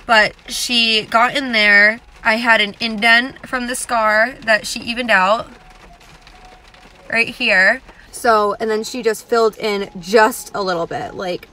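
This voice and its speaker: A woman's voice: fairly high pitch, bright, forceful tone. Chatty young woman vlogging from her car. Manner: chatty, emotional, many "like" fillers. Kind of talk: casual vlog to camera.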